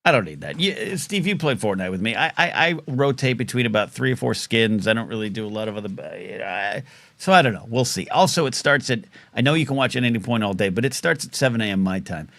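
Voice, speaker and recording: Having choked on a chip, a call-in show host keeps getting a catch in his throat as he talks. His medium-pitched, fairly bright voice moves fairly quickly with lively intonation in a dry recording, and his casual talk-radio style is rambling, jokey, and self-deprecating.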